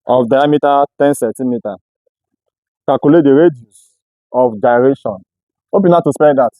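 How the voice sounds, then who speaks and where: A man's voice: on the high side, warm tone, no room sound, poor audio. A man teaching a physics class, who keeps asking the students to finish each step of his sentences. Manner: call-and-response questioning. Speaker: physics tutor. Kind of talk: classroom lecture.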